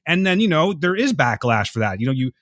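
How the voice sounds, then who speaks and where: A man's voice: on the high side, big pitch swings, fast, a bit bright, no room sound, clean studio sound. A man co-hosting a podcast, talking earnestly and emotionally in casual discussion, rambling and restarting his sentences. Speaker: podcast co-host.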